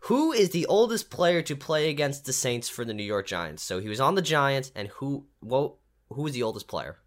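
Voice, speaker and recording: A man's voice: medium pitch, sing-song, normal speed. A man giving a rambling weather and trivia segment on a casual sports podcast, filling his talk with "like" and repeats. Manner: rambling, repeats himself with many "like"s.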